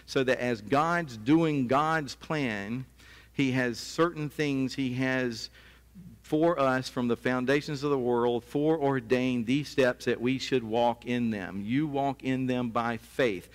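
A man's voice: medium pitch, slow pace, long reverb tail. A man preaching a sermon as pastor, earnest and conversational, now and then breaking into a laugh.

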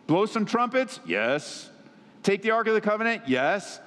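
A higher, eager voice from a preacher acting out a bewildered warrior leader, rattling off questions in disbelief. His voice echoes with long reverb in a large hall. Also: big pitch swings, a bit bright, full character voice. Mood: incredulous. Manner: quick, questioning, incredulous. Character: puzzled eager male warrior leader checking orders.

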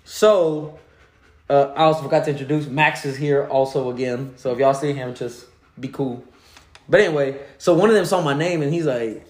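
A man co-hosting a casual chat, telling animated stories with acted-out quotes and frequent laughs. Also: medium pitch, fairly quick. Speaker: podcast co-host. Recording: echoey room.

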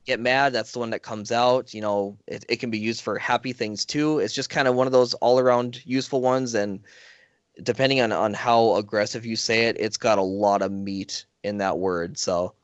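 A man's voice: lowish voice, fairly even intonation, moderate pace, dry recording, muffled recording. Chatty upbeat man on a podcast. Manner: chatty, upbeat, laughs often. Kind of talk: casual podcast chat.

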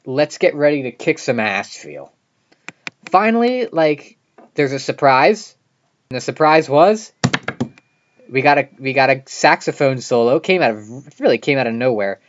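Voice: medium pitch, dull audio. Chatty podcast host with filler words. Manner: chatty, many "like" fillers and restarts. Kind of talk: casual album review monologue.

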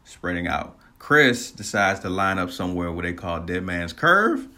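A man casually telling a personal story, animated, laughing often and swearing freely. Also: sits low, moderate pace.

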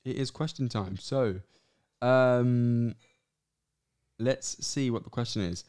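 A man co-hosting a podcast in casual chat, quick and joking, reading listener questions aloud. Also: medium pitch, darkish tone, clean tone. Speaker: podcast co-host.

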